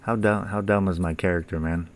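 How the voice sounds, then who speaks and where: A man's voice: low-pitched, steady tone, a little fast. A young man casually commentating a horror game, joking, swearing and talking back to the characters. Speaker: gaming YouTuber.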